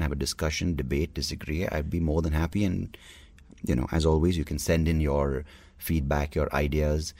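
Young comedian host; deep, fry-heavy voice; loose, swearing solo podcast musings, dry close mic. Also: male voice, darkish tone, no echo. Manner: candid, rambling, swears freely.

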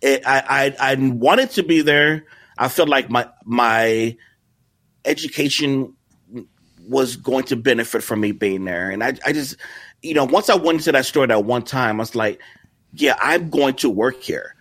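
A middle-aged man from the Chicago area, a podcast guest telling a story. He talks in a casual, animated way, acting out the people he quotes and often restarting his sentences. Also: mid-range voice, measured pace, no room sound. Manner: animated, acts out quoted voices, many restarts. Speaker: guest, content creator.

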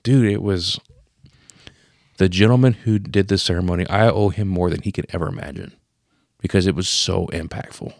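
Deep voiced guy telling a heavy story on a podcast, swears a lot, dry close sound. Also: steady tone, moderate pace, creaky, no echo. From Pennsylvania. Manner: emotional, profane, says boom for scene changes. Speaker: podcast co-host. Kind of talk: casual storytelling.

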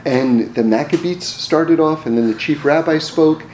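A man's voice: a little high, moderate pace, darkish tone, a little hiss or hum. Man telling stories in an echoey room. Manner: repeats words in restarts, chuckles at his own stories. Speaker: speaker telling personal stories. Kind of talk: casual storytelling talk. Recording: roomy echo, faint ambience.

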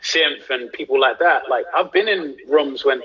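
A man's voice: mid-range voice, moderate pace, muffled recording. A young man from London with a London accent, telling stories as the guest in a casual live-streamed interview. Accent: London English. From England. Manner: relaxed storytelling, animated when recounting anecdotes. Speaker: actor guest.

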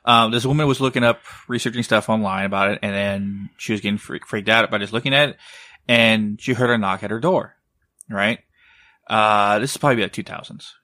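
A man co-hosting a podcast tells a story in a loose, rambling way. He swears freely and keeps tagging his sentences with "right?" His voice is bright and recorded dry and close. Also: lowish voice, brisk, no echo. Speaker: podcast co-host. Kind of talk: casual storytelling.

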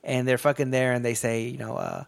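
A man talks through a film's plot in loose, casual chat. His pitch sits in a middling range, and his delivery rambles with lots of swearing and false starts. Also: flat delivery, brisk, creaky, smooth. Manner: rambling, profane storytelling with many restarts. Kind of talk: casual movie recap chat.

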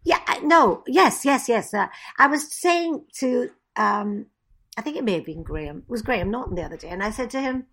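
Woman guest, slightly high voice, gushing and quick to laugh, casual chat. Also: animated, a bit bright, husky. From Scotland.

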